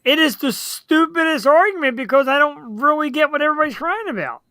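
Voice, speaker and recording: A woman's voice: high voice, animated, a little fast, sharp tone, no echo, studio quality. A woman hosting a live web show, chatting casually and rambling with easy laughs. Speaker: show host.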